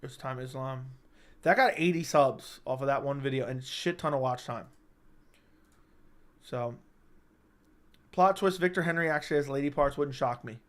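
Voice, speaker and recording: A man hosting a casual livestream chat, talking in an animated, emphatic way, repeating himself and swearing freely. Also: mid-range voice, moderate pace, pauses often. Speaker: livestream host. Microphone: studio microphone.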